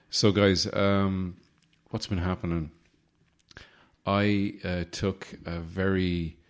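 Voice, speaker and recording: Deep-voiced man rambling on a podcast. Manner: rambling, deadpan joking asides. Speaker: podcast host. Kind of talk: casual solo podcast chat. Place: home in the city centre.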